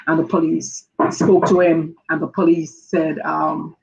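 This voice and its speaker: A woman sharing her personal story as a guest, halting, with many restarts and fillers. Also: deep voice, flat delivery, creaky, darkish tone, breathy edge. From Jamaica. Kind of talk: personal testimony. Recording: dull lo-fi audio.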